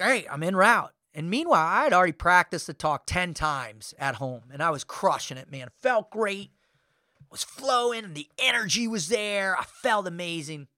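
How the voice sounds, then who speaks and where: Man, motivational speaker, slightly high bright voice, lively casual storytelling, dry close mic. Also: no room sound. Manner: animated, acts out his own inner voice and quotes. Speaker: podcast guest, motivational speaker.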